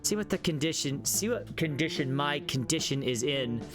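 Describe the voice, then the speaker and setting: A man's voice: fairly high pitch, expressive, moderate pace, over music. A man streaming a game live, joking and mocking his own voice acting.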